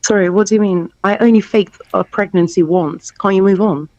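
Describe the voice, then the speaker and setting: A woman's voice: mid-range voice, fairly quick, warm tone, muffled recording. A woman co-hosting a live stream, teasing and joking in a playful, sing-song way.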